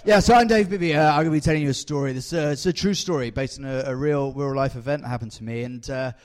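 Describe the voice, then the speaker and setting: A man's voice: medium pitch, fast talker, darkish tone. A man telling a comic story on stage, chatty and self-mocking as he pulls volunteers from the audience. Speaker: comedian and storyteller. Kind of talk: live comedic storytelling. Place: comedy stage before a live audience.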